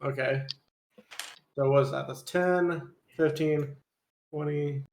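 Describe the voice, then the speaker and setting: A hesitant man with a slightly high voice thinks aloud as he plays a tabletop game, trailing off and starting again. The sound is roomy and echoey. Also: fairly even intonation, slow, a little mellow. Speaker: player. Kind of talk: casual tabletop gaming chat. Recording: echoey room.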